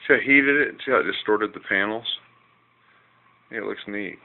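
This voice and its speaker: Showing off a fish tank he's working on at home, a hobbyist meanders along in a folksy, easily irritated way, often grumbling. He speaks in a very low, gravelly register. The recording is tinny and thin, like a cheap camera mic, and faint hiss runs behind it.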